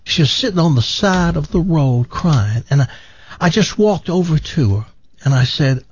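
A man doing an impression of a soft-spoken male TV preacher, telling a story in a gentle, earnest way with slow pauses. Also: on the high side, lively intonation, highs cut off, slight background noise, pitched above the performer's own voice.

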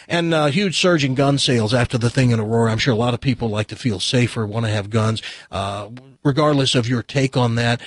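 A man's voice: mid-range voice, brisk, few pauses. A man hosting a talk radio show, telling stories and a joke while acting out the voices. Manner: animated storyteller, acts out the joke's voices.

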